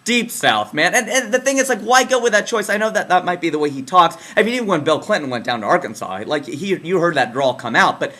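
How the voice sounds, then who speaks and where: A young man delivers a casual comic monologue on current events. His voice is bright and fairly high, and his pitch jumps all over as he swings between excited bursts and muttered deadpan asides. His talk is loose and slangy. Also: quick pace, hardly any pauses. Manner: animated, casual, slangy, with sudden drops into low asides. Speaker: comedian. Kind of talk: comedic political commentary monologue.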